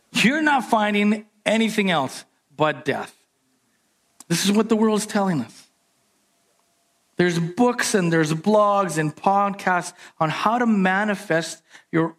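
A man preaching a sermon as pastor, animated and emphatic, jumping up in pitch on his key points.

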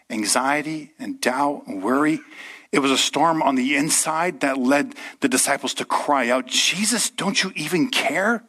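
A man preaching a sermon to a live church audience, with a lively, conversational delivery that often checks in with the room. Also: medium pitch.

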